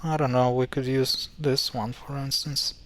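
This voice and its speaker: A man's voice: medium pitch, flat delivery, unhurried, a bit bright, dry recording. Hesitant man explaining pronunciation. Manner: hesitant, many fillers and self-corrections. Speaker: language teacher. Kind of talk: casual explanatory lesson.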